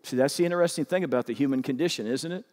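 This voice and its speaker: A man preaching a sermon as pastor, animated and urging his congregation to respond. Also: very fast. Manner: animated, urging the crowd with rising pitch. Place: large church auditorium. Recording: long hall reverb.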